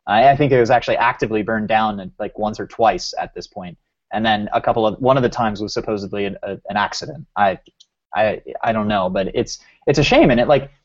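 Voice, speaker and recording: A man with a lowish voice co-hosts a casual podcast discussion, heard through dull audio. He muses aloud in a rambling way, full of restarts and fillers.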